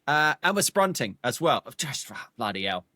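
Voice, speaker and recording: An excitable male podcast co-host in casual chat, with a jokey, lively banter manner. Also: medium pitch, normal speed.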